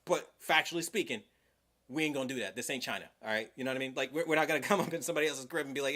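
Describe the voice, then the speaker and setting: A man's voice: medium pitch, racing, bright, forceful tone. A young man hosting a livestream, talking in a heated, profane, rambling way with many fillers. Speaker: livestream host. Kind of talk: casual livestream chat.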